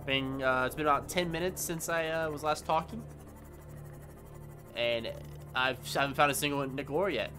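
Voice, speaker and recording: Rambling, stammering young-sounding man gamer. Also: on the high side. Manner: yelps in panic when startled. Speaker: gaming YouTuber. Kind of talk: casual gameplay commentary. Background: game music.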